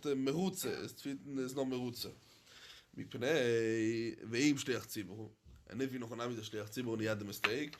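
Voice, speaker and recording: A rabbi teaching a Talmud class to students, chanting the Aramaic text and then explaining it in English, often halting and repeating himself. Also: male voice, medium pitch. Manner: halting, with frequent restarts and repetition. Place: study hall in London.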